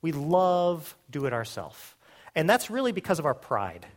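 A male pastor delivers a sermon in a lively voice that swings widely in pitch. He sits a little above the usual male range and keeps asking the congregation questions. When he voices the words of Jesus, he drops to a quiet, hushed tone. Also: moderate pace.

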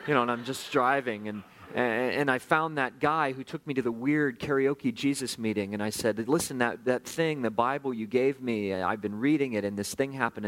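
Conversational man preaching a testimony. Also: mid-range voice. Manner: conversational, self-deprecating, swings from hushed to animated. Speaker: pastor. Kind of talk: sermon storytelling.

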